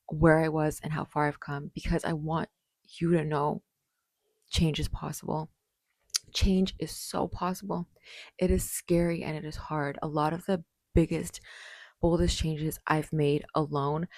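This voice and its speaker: A woman in her late twenties chats straight to camera with a rambling, bubbly flow full of fillers and restarts. Her voice sits low, and the recording is dry and close. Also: darkish tone, no echo. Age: late 20s. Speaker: vlogger. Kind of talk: casual talk to camera.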